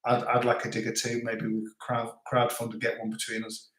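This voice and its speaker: A man's voice: medium pitch, monotone, brisk, fairly bright tone. Chatty male livestream host, echoey room. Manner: chatty, rambling, joking, many restarts. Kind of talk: casual live chat reading viewer comments.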